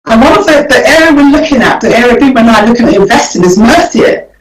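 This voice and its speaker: An animated woman with a high-leaning voice talks fast as a radio show guest, casually explaining property investment and repeating words while she works out her thoughts. She sounds roomy and far away, recorded off the mic.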